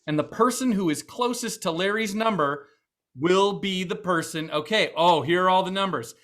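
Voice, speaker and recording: A man's voice: sits high, moderate pace, a bit bright. A man with a Boston accent hosting a virtual fundraiser, chatty and upbeat with many fillers. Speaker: event host.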